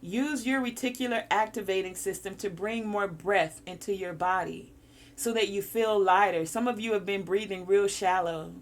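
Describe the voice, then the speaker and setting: A woman's voice: mid-range voice, normal speed. A woman giving a spiritual encouragement talk, coaching listeners through breathing exercises. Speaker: spiritual guide.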